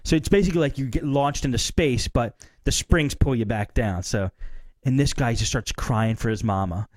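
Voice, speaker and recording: A man co-hosting a casual late-night tech talk show. He sounds easygoing and chatty and tosses in quick asides. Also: medium pitch, a little mellow, dry recording, clean studio sound. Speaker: co-host.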